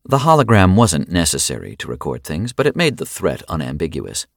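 A man narrating an audiobook in an expressive, wry way. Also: low-pitched, fairly quick, vocal fry, no room sound, clean studio sound.

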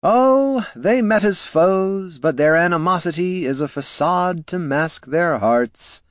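A man's voice: mid-range voice, big pitch swings, moderate pace, no room sound, clean studio sound, pitched above the performer's own voice, close to an everyday voice. A man voicing a smug, flamboyant male bard who teases in an airy, sing-song way. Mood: airy romantic.

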